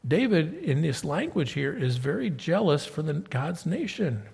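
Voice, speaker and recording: A man preaching a sermon, telling a Bible story in a conversational way and reading scripture aloud with loud, emphatic peaks. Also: fairly high pitch, very animated, a little slow, vocal fry, hardly any pauses, husky, big-room sound.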